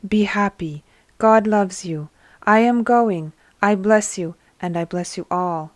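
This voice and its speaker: A woman's voice: medium pitch, slow, no room sound, close to an everyday voice. A woman reading as Jesus, solemn and firm. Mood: commanding. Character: Jesus, a calm commanding grown man.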